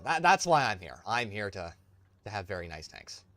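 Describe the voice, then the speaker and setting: Lively low-voiced man joking over tank gameplay. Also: fairly quick, no room sound. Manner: joking, rambling, playfully theatrical. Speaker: streamer. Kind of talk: casual gameplay commentary. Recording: loud game noise behind voice. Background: tank game sounds.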